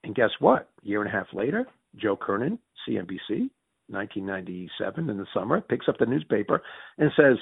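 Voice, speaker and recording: Middle-aged Yankee-accented interviewee, husky and lively in pitch, tinny phone-like sound. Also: male voice, no room sound. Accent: Northeastern US (Yankee). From Northeastern United States. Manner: fast, excitable, restarts sentences, acts out quoted dialogue with big pitch jumps. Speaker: interviewee, former mayor and finance executive. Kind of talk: animated storytelling in conversation.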